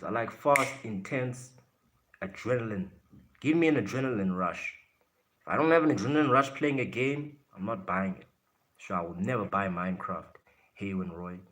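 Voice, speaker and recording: A man's voice: lowish voice, lively intonation, normal speed, a bit bright. A man from South Africa hosting a live stream, casually answering his chat in a blunt way and laughing often.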